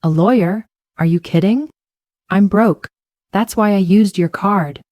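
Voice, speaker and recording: A woman's voice: unhurried, a little mellow, no room sound, studio quality, natural voice. A woman voicing a panicked young woman who pleads and whimpers, her voice climbing as she begs. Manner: pleading, tearful, rising to high pitch.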